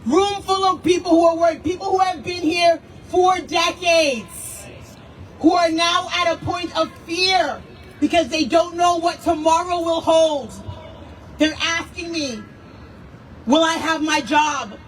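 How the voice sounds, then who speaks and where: An American woman city councilor giving an angry, forceful protest speech, repeating lines for emphasis. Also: extremely high pitch, unhurried. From United States. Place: outdoor rally. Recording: distant mic with faint noise.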